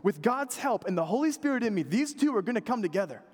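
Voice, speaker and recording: A man in his thirties preaching a sermon, conversational and animated, dropping to quiet earnest asides. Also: sits high, fast, slightly rough, long reverb tail. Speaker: pastor.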